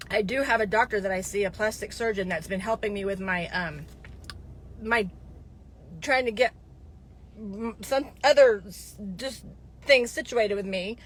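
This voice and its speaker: A woman's voice: medium pitch, a bit bright, slight background noise. A woman in her fifties talking casually to her viewers, rambling from one story to the next, with frequent digressions and restarts. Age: 50s.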